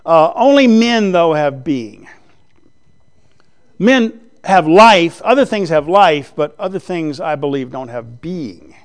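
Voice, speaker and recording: A man's voice: on the high side, expressive, takes it slowly. A man preaching a Bible teaching sermon in a conversational way, often checking in with the listeners through rhetorical questions. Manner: writes on a board while teaching.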